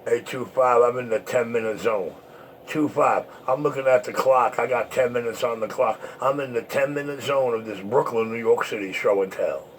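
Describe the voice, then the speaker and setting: A man's voice: medium pitch, normal speed, very noisy. A man talking over CB radio, repeating call signs and pressing his points emphatically. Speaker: CB radio talker.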